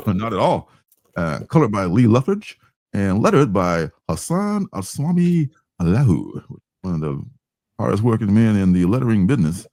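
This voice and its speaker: A man's voice: on the low side, very animated, moderate pace, darkish tone, no echo. A man hosting a casual comic book livestream, talking in a loose, hesitant, meandering way.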